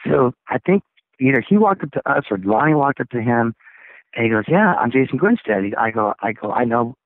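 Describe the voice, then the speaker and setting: A man, a rock singer, telling stories as an interview guest, acting out other people's lines in excited, high voices. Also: fairly quick, no room sound. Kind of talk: casual storytelling interview. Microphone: phone. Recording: tinny, dry phone line.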